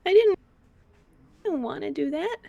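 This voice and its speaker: A tiny four-year-old girl, timid and guilty, stammering out halting words in a very high voice, as a woman puts her on. She sounds dry and close, and her voice jumps up and down. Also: very animated, gravelly, dry recording, muffled recording, exaggerated voice. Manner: hesitant, stammering.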